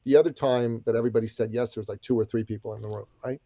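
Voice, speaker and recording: A man's voice: medium pitch, steady tone, rapid-fire, mellow, no room sound, studio quality. A middle-aged man guesting on a podcast, telling a story with energy, emphasis and folksy asides. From Iranian background. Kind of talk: animated storytelling.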